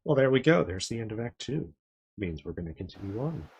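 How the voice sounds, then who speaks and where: A man's voice: fairly low pitch, sing-song, brisk, a little mellow, breathy edge. A man streaming a retro-style role-playing game, chatting to viewers and reading the game's text aloud. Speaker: let's play streamer. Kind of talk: casual game commentary.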